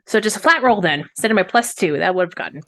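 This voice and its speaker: A woman plays in a tabletop game and rambles through her character's motives, leaning on fillers and restarts. Her voice has an ordinary pitch for a woman. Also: expressive, quick pace, fairly bright tone. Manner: rambling, laughs often. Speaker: player. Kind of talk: casual tabletop game play.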